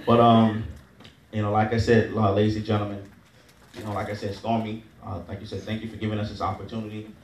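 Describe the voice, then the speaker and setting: At a sales event in a large room with an audience, a man with a fairly low, flat voice talks fast as he trains the crowd, repeating himself and leading call-and-response chants and okays. Background noise is present, and the distant mic picks up an echoey hall.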